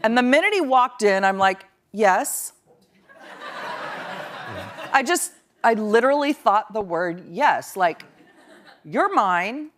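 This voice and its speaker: A woman's voice: a little high, animated, normal speed, fairly bright tone, slight background noise. A woman in her fifties, a talk show guest, telling stories with wry, dry humor. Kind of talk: casual interview chat.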